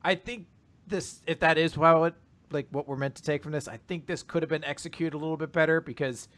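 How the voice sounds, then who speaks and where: A man co-hosting a casual manga podcast, excitable and quick to laugh, swearing freely. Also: on the high side. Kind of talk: casual chapter recap chat.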